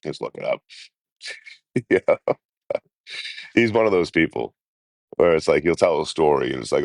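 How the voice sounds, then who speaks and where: A man's voice: rumbling low, sing-song, moderate pace, pauses often, darkish tone, dry recording. A man, chatting casually and profanely on a travel live stream, laughing often. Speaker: travel vlogger.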